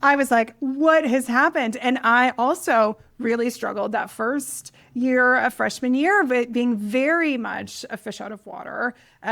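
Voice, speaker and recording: A woman from rural California hosting a podcast, telling stories in an animated, self-deprecating way. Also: fairly high pitch, gravelly. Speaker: podcast host. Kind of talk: casual conversational interview.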